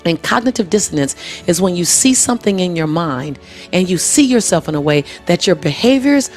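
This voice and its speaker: Earnest low-voiced woman on motivation. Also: lively intonation, brisk. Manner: earnest, repeats key phrases for emphasis. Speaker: interview guest. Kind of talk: motivational conversation. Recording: music playing underneath.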